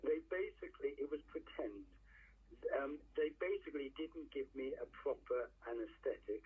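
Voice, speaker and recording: Middle-aged English man phoning in to a radio show, rambling delivery, very husky, on a tinny phone line. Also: medium pitch, animated, normal speed. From England. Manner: rambling, searching for words. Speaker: caller. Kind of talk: phone-in call. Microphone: telephone.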